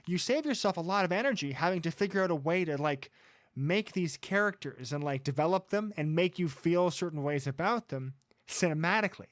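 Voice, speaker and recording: A man co-hosting a film podcast, walking through scenes with a wry, dry humor. His voice sits high, and it is recorded close and dry. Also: animated, a little fast, dry recording. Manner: wry, summarizing scenes, doing character voices. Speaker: podcast co-host. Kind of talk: casual film-review chat.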